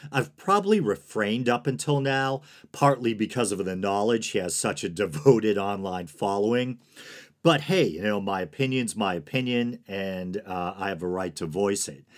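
A man hosting a solo podcast, talking in a monotone, sedated way with dry, sarcastic asides and soft laughs. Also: fairly low pitch, moderate pace. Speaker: podcast host.

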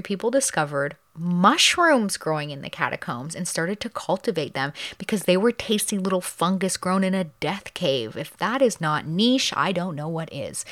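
A woman with a slightly low, easy voice tells a spooky story in a casual podcast chat. She is playful and laughs at her own jokes. She rambles a little, with plenty of fillers and restarts. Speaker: podcast host.

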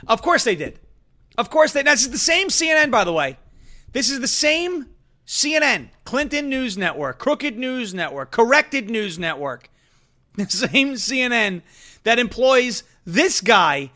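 Brash male commentary host, bright forceful voice, sarcastic, mocking. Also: very high voice, very animated, measured pace. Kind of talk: political commentary show.

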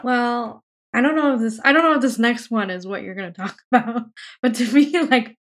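A woman's voice: fairly high pitch, a little fast. A woman co-hosting a podcast, talking hesitantly about a film and laughing as she goes. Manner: hesitant, giggly. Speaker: podcast co-host. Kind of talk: casual film discussion.

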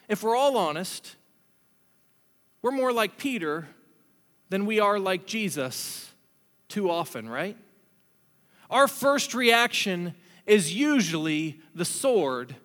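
A man preaching a sermon in a conversational, storytelling way, with animated asides to the congregation. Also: very high-pitched. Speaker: pastor. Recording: long hall reverb.

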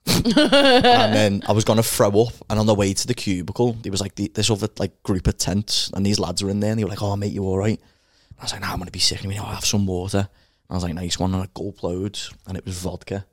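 A man's voice: on the low side, lively intonation, fast talker, no echo, studio quality. A man co-hosting a podcast, telling rambling stories in casual chat, swearing freely and laughing often. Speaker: podcast co-host.

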